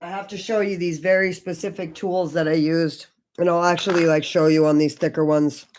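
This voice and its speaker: A woman's voice: lowish voice, fairly even intonation, fairly quick, a little mellow, a little hiss or hum. A woman in her forties hosting a casual makeup livestream, talking loosely and swearing a lot while she chats with viewers. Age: 40s. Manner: loose and profane, chatty with viewers. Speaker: beauty channel host.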